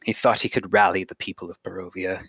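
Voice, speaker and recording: A man voicing a boastful, theatrical Vistani storyteller who tells a tale slowly and dramatically. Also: low voice, steady tone, gravelly, a bit bright, slightly rough, no room sound, exaggerated voice, poor audio. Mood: dramatic. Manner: slow dramatic proclaiming.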